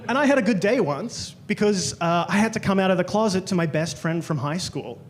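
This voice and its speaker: An Australian man with a high voice performs a brisk stand-up set in a club, with slight background noise. He tells stories in an animated style, quoting people in exaggerated voices.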